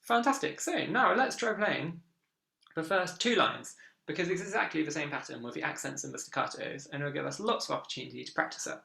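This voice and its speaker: Encouraging music teacher who counts in beats; slight fry, roomy sound. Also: mid-range voice, lively intonation, a little fast, sharp tone. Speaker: viola teacher. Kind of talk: online music lesson. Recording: echoey room with viola playing.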